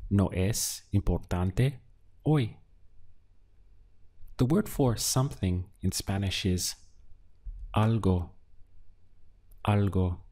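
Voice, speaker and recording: A man teaching a beginner language lesson, drilling words syllable by syllable with patient pauses. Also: fairly low pitch, warm tone. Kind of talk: slow, deliberate language lesson.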